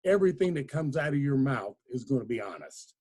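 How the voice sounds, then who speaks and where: A man's voice: medium pitch, sing-song, brisk, a little mellow, breathy edge. A man hosting an interview, a former coach, speaking in an emphatic, plainspoken way. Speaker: podcast host, former coach. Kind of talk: casual interview chat.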